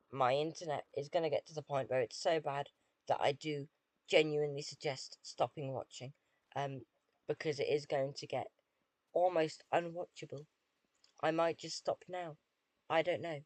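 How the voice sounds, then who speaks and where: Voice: medium pitch, steady tone, measured pace, long pauses, dry recording. A British streamer chatting casually with viewers while playing a game, dry and self-deprecating.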